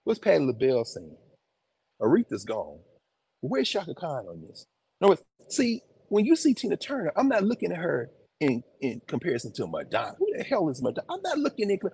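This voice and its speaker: A man hosting and lecturing informally in a museum, animated and preacherly, talking back to his listeners. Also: fairly high pitch, a little fast, vocal fry, slightly rough. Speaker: host, professor. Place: museum, indoors.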